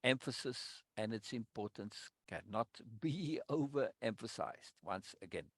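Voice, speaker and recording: A man's voice: mid-range voice, measured pace, fairly bright tone, husky, dry recording, clean studio sound. A man leading a live online teaching session, affirming students and repeating key points for stress. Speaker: course leader.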